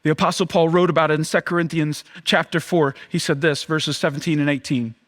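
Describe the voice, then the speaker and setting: Casual pastor with a high voice, chatty sermon delivery, goes lively then hushed. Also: male voice. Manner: casual, conversational preaching with many fillers; shifts between lively emphasis and hushed, slow delivery.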